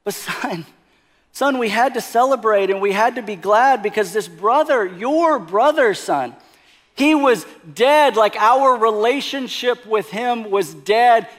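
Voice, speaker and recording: A man's voice: high-pitched, a bit bright. A man preaching speaks as a compassionate father reassuring his son, in a hall with long reverb. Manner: tender, reassuring. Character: gentle loving father, older man.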